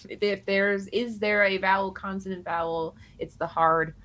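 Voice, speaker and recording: A woman co-hosting a card game review stream, chatty and quick to laugh, reading chat aloud. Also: mid-range voice, flat delivery, a bit bright. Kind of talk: casual chat on a livestream.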